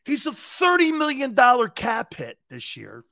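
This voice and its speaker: Animated high-pitched sports talk host. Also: male voice, takes it slowly, gravelly, long pauses. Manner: animated, emphatic, argumentative with chuckles. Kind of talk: opinionated sports radio talk.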